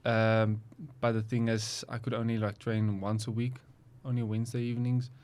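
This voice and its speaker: A man's voice: on the low side, completely flat delivery, normal speed, darkish tone. A young man, a guest athlete talking casually and hesitantly with many ums. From South Africa. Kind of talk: casual interview chat.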